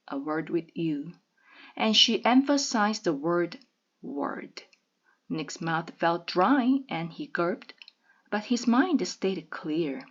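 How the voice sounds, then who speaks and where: A woman reading a children's novel aloud in a measured, expressive way. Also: on the low side, dull audio.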